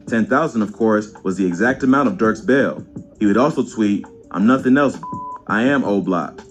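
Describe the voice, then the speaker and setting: Male documentary narrator over music. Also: mid-range voice. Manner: even, measured storytelling. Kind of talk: scripted narration.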